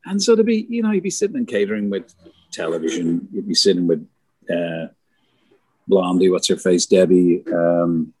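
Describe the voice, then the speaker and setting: A middle-aged concert lighting designer with a low, husky, somewhat dark voice rambles through backstage stories in casual conversation, expressive and at a moderate pace. He swears freely and acts out other people's lines, recorded dry.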